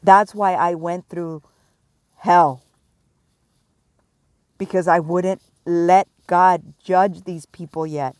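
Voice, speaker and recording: A middle-aged woman giving a prophetic warning, stern and emphatic, pressing her points with slow repetition. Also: fairly low pitch, fairly even intonation, a little mellow, smooth, no echo, studio quality. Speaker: self-described prophet.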